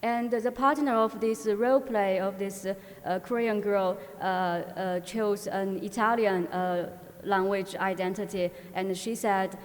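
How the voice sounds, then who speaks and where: Halting woman presenting in a reverberant hall. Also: mid-range voice, fairly even intonation. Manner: halting, frequent filler pauses and restarts. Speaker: conference presenter. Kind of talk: academic conference talk. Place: university conference hall. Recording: long reverb of a conference hall.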